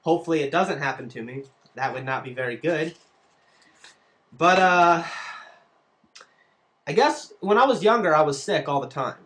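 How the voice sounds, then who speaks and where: A man answering fan questions on his vlog, telling stories in a casual, profane and animated way. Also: fairly high pitch, normal speed, pauses often. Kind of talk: casual storytelling.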